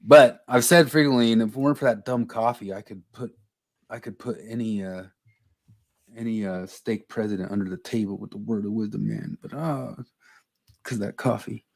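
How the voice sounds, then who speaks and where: Male podcast host, low voice, dry close sound, blunt and opinionated. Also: steady tone, moderate pace, vocal fry, no room sound. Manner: blunt, opinionated, swears freely. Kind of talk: casual podcast chat.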